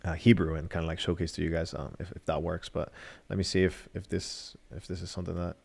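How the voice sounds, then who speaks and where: A man's voice: deep voice, flat delivery, quick pace, creaky, darkish tone, slightly rough. A man from Nicaragua hosting a live-stream phone review, talking casually with many fillers and restarts. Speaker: livestream host reviewing a phone.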